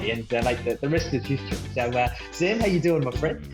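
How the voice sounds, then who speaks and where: A man with an Australian accent hosting a podcast in casual interview chat, friendly and easygoing, often filling pauses and calling people mate. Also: medium pitch, lively intonation, over music, low-quality recording. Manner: friendly, lots of uh fillers, calls people mate. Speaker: podcast host.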